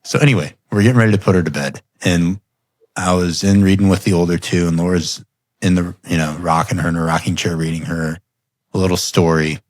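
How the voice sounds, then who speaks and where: A man's voice: low-pitched, a little fast, dry recording. A man hosting a podcast, telling family stories with laughs and growing animation. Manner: animated storyteller, laughs often. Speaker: podcast host. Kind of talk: casual storytelling conversation.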